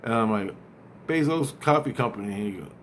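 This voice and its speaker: A man casually retelling a dream, rambling and acting out both sides of the conversation, often halting and repeating words. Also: lowish voice, expressive, a bit bright, a little hiss or hum.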